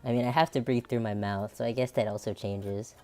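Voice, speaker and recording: Very deep nasal androgynous woman. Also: fairly even intonation, a little fast, dark tone, soft background music. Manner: chatty and rambling, laughing often. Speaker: streamer. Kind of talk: casual chat.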